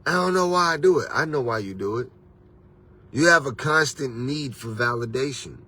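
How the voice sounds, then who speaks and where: A man's voice: medium pitch, lively intonation, moderate pace, sharp tone, slightly rough. A man hosting a motivational talk as a life coach, preachy and casual, with street slang and repeated "you understand".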